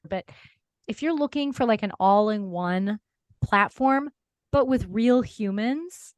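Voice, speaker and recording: A woman's voice: fairly high pitch, takes it slowly, no echo. A woman podcast host with a Minnesotan accent, chatting enthusiastically with a guest and laughing often. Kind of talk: casual interview chat.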